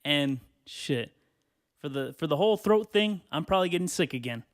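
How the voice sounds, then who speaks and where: A man hosting a solo podcast from a hot bedroom, rambling casually with lots of swearing and filler, a little out of breath and clearing his throat. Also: a little high, lively intonation, moderate pace. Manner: rambling, profane, lots of "you know". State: out of breath and sweaty, standing. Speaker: podcast host.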